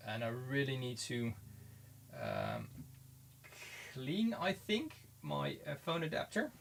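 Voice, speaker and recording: Gravelly-voiced man rambling over a microscope. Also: mid-range voice, a little hiss or hum. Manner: rambling, halting, many restarts. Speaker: pigment maker filming his studio work. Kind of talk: casual unscripted commentary. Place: home studio.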